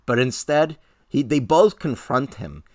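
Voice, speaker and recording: A man's voice: medium pitch, measured pace, dry recording, studio quality. A man co-hosting a casual podcast chat, telling anecdotes animatedly and acting out what others said. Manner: animated storytelling with lively quoted voices. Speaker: podcast co-host.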